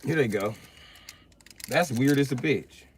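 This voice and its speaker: A man on a casual livestream who is profane and joking, swinging from low muttering to loud yelling. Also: animated, a little slow, a little hiss or hum.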